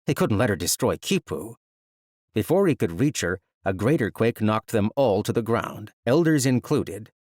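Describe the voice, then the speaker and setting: Low-voiced man narrating a fantasy audiobook. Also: no echo, studio quality. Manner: measured, even storytelling.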